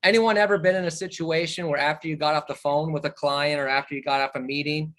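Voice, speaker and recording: A man with a slightly higher voice leads a virtual sales training. He speaks with animated energy and shifts his tone and speed to show how a question can land. The sound is the plain audio of a video call. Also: fast.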